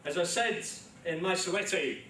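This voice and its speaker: A man with a London accent addresses a launch crowd, rambling genially and pausing often on ums. His voice is bright and a touch high. It is recorded from a distance in a large, echoing hall. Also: slight background noise. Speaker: government minister giving a speech. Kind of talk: formal speech at a press launch. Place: large echoey event hall. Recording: echoey hall, speaker off-mic.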